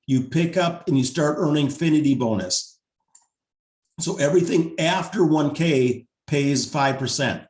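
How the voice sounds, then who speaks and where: A man leading a team video call, pitching a pay plan in an upbeat, salesy way and going over the numbers more than once, his voice wearing thin. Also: darkish tone, reverberant. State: losing his voice.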